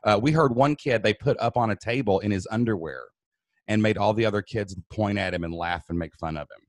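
Man, low voice, earnest emphatic storytelling, interview guest, dry close sound. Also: fairly quick, no room sound. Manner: earnest, emphatic, acts out quoted dialogue. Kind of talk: emotional first-person storytelling.

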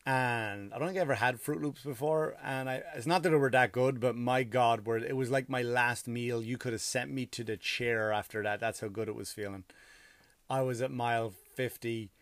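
A man's voice: medium pitch, normal speed, dry recording. A tired man, a comedian, telling a story in a casual, profane, ranting monologue.

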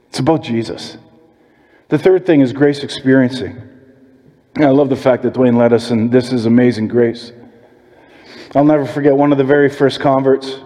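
A man's voice: medium pitch, dark tone. A man preaching a sermon as pastor, telling stories and acting out quoted voices. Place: church sanctuary. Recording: long hall reverb.

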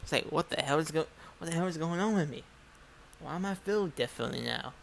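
A man with a fairly high voice and a drawl spins a chaotic story in casual, profane speech. He rambles, restarts often and acts out each exchange of dialogue himself. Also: animated, fairly quick, creaky, slight background noise.

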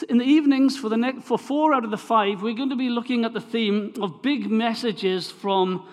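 A man's voice: very high voice, moderate pace. A Welsh man preaching to a congregation, chatty and prone to restarting his phrases before reading scripture aloud. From Wales. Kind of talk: sermon introduction and scripture reading. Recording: long hall reverb.

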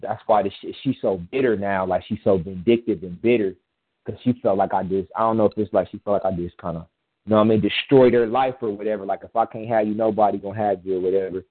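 A man's voice: fairly low pitch, fairly even intonation, fast talker, slightly rough. A man in casual chat, telling a personal story in a rambling, emphatic way with frequent restarts. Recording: tinny phone-line sound.

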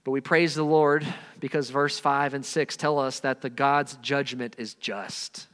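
A man preaching a sermon, earnest and emphatic, rising to loud stresses and dropping low and quiet. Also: steady tone, measured pace, smooth, big-room sound. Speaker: pastor.

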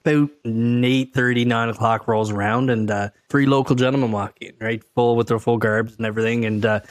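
A man's voice: mid-range voice, fairly even intonation, a little fast, no echo. A man telling a long story in casual chat, rambling and tagging lines with "right?" and "literally". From Canada.

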